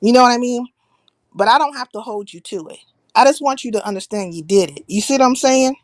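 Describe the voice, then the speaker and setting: With a voice on the high side, this woman hosts a casual stream where she talks frankly, swears without holding back, and breaks off to name-check viewers. The audio is dry.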